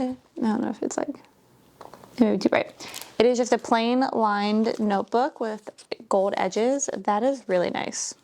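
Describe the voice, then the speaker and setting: Slow, gushing higher-pitched woman. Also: slight background noise. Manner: gushing, breaks into gasps and soft whispers. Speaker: book vlogger. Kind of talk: casual unboxing chat.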